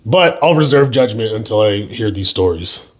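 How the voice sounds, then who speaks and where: Young podcast guy, lowish voice, casual chat, swears a lot and gets loud telling stories. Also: normal speed. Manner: animated storytelling, swearing, gets loud when indignant. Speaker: podcast co-host.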